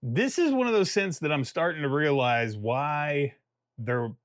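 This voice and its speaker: A man's voice: a little high, lively intonation, a little slow, no echo, clean studio sound. A man giving a casual fragrance review vlog. He talks in a chatty, rambling way and jokes at his own expense.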